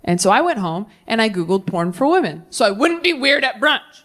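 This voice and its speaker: A young adult woman performing a stand-up comedy set, telling stories and acting out bits of dialogue with animated bursts. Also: a little high, fairly quick. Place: live comedy venue with audience.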